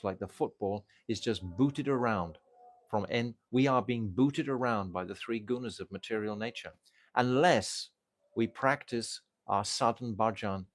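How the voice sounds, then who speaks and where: A man leading a class on a spiritual text, reading passages aloud and explaining them earnestly, slowing down to stress key points. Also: medium pitch. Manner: earnest, stresses key words, slows for emphasis.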